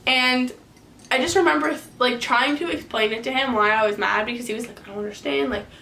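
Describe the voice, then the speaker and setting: A young adult woman telling a personal story in casual vlog style, animated and full of "like" fillers. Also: fairly high pitch, fairly quick. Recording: echoey room, distant mic, faint ambience.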